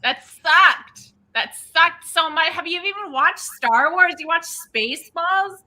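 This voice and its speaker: A woman's voice: extremely high pitch, slow, sharp tone, pitched above the performer's own voice, exaggerated voice. A woman playing a brash young princess in an improv comedy insult battle, swearing and taunting her opponent. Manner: trash-talking, swearing, taunting. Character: brash trash-talking young princess, cocky and crude.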